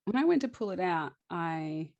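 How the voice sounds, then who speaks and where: A woman tells a personal story in a loose, chatty way, often laughing and breaking off to restart her sentences. Her voice sits a little low, and the recording is close and dry. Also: very animated, moderate pace, darkish tone, dry recording, dull audio. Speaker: guest.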